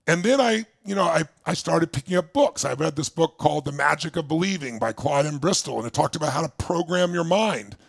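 Gravelly older man, intense motivational storyteller. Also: a little high, animated, fairly quick, hardly any pauses, dry recording. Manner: intense storytelling, swings between loud bursts and quiet asides. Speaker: motivational speaker. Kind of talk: motivational stage talk.

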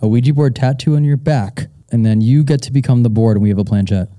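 A man's voice: medium pitch, fast, mellow, a little hiss or hum. A man hosting a live show, asking his guest long rambling questions and cracking jokes. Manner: joking, rambling questions with restarts.

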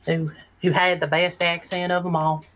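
A woman's voice: on the low side, flat delivery, normal speed, a bit bright. A woman chatting casually as a guest, chatty and wry. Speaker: guest player. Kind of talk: casual chat.

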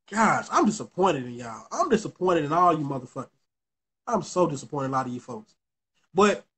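Young man, raspy, higher pitched, casual profane vlog storytelling, lots of restarts. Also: fairly bright tone. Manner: rambling, profane, full of restarts. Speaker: vlogger addressing his viewers.

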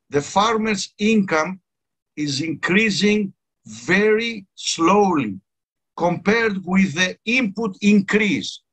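Guy giving a conference talk, kinda high bright voice, earnest, keeps stressing words. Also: slightly rough. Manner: earnest, emphatic, repeats key words. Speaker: conference speaker. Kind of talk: technical conference presentation.

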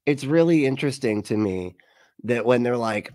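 Brief: male host, loose profane reaction commentary, mid-pitched, dry close-mic sound. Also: expressive, moderate pace, a little mellow, dry recording. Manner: rambling, profane, laughs often, sarcastic.

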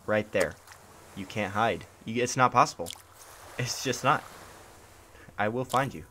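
Speaking a little slowly in a fairly low, pushed and bright voice, a weary young streamer grumbles sarcastically, feigning indifference as he comments on his gameplay. He's in a hot room at home, and the stream audio is noisy.

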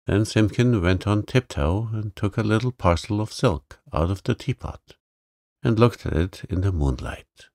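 A man reading a bedtime sleep story in a calm, soothing, gravelly voice. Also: on the low side, normal speed, no echo, studio quality. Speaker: narrator.

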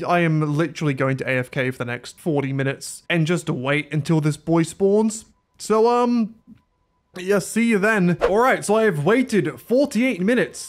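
A man giving casual gameplay commentary, sarcastic and self-mocking, swearing freely as he talks to his viewers. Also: a little high. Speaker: gaming YouTuber.

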